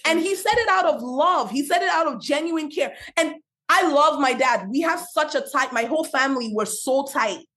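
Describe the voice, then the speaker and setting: A young woman with a non-native English accent hosts a faith-based podcast. She talks fast and with passion, like she is preaching, and tells stories in a bright, high voice. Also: expressive. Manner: passionate, preachy, quick storytelling. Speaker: podcast host, Christian business speaker.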